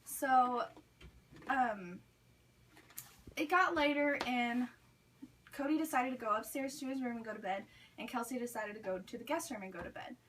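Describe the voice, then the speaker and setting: A young woman with a high voice tells a story, chatty and loose, dropping "like" into nearly every sentence. She sounds set back from the microphone, as if recorded from across a room. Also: normal speed, long pauses, fairly bright tone, a little hiss or hum. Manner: chatty, many "like" fillers. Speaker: student speaker. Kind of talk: storytelling speech. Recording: recorded from a distance.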